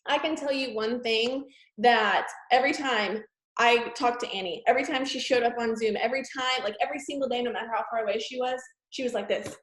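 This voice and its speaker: An effusive woman with a fairly high voice leads a motivational team call. She cheers her team on with emphatic energy, in a room with a noticeable echo. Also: fast. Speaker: team leader hosting the call.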